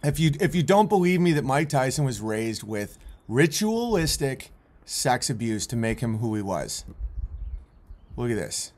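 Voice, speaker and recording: A man's voice: mid-range voice, very animated, unhurried, a little mellow. A man commentating on video clips in a rambling, intense way, with many restarts.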